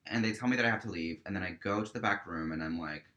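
A man with a lowish, bright and forceful voice tells a story as a podcast guest. He swears freely and fills his sentences with "like", acting out the people in his story as he goes. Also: fast talker. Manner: profane, peppered with "like"; animated storyteller acting out dialogue. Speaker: guest, stage performer. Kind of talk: casual podcast chat, storytelling.

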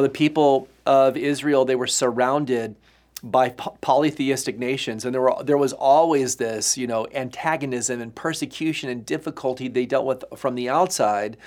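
A male pastor giving an earnest, emphatic sermon teaching, with frequent fillers and restarts. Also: medium pitch.

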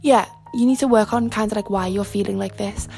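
A woman's voice: medium pitch, brisk, vocal fry, a little mellow, soft background music. A young woman hosting a podcast, talking in a frank, rambling, casual way full of fillers and asides. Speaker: podcast host. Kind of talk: casual chat.

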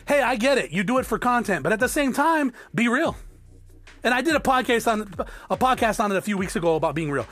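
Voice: medium pitch, a bit bright. A podcast host and business owner giving a blunt, profane solo monologue, often checking in with the listener by asking "okay?".

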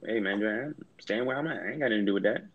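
A man's voice: lowish voice, very fast, phone-quality sound, a little hiss or hum. A man guesting on a podcast, trash-talking in brash, profane casual chat.

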